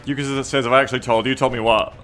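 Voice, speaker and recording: Bright-voiced playful male streamer. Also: medium pitch, steady tone, very fast, soft background music. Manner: playful and teasing, laughs often. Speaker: game streamer. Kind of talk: casual live-stream chat, reading chat messages aloud.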